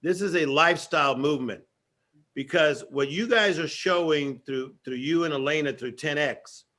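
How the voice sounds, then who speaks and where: Male guest, motivational speaker, emphatic and rhythmic, higher register. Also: normal speed, sharp tone. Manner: preacher-like, emphatic repetition. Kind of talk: energetic motivational talk.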